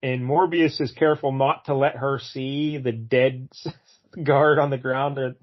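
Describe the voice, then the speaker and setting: A man's voice: mid-range voice, muffled recording. Laid-back man recapping a comic. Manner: relaxed, wry, recaps plot with quick quoted lines. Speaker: podcast co-host. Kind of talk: casual comic review chat.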